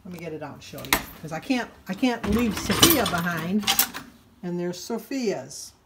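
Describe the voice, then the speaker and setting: A woman's voice: fairly low pitch, expressive, moderate pace, heavy background noise. Chatty older woman vlogging. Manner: chatty, rambling, self-deprecating, often laughing. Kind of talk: casual diet vlog chat.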